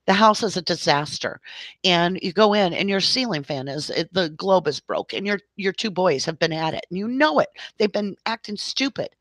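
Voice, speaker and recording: A woman's voice: on the low side, lively intonation, normal speed, fairly bright tone, no echo. Exasperated woman ranting on a livestream. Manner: exasperated, ranting, addresses viewers directly. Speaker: livestream host.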